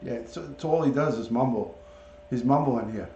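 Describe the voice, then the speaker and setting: A man's warm, medium-pitched voice moves at a moderate pace as he hosts a relaxed livestream, calling out viewers by name and sweet-talking his pet in baby talk. He's heard through a camera or device mic instead of a clip-on, so the audio is roomy, dull and lo-fi with slight background noise.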